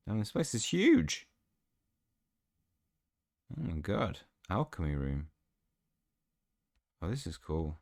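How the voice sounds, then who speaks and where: Low-voiced gamer chatting casually. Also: male voice, big pitch swings, slow pace, long pauses, no room sound, studio quality. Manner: chatty and giggly, reacts out loud. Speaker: gaming channel host. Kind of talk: casual game commentary.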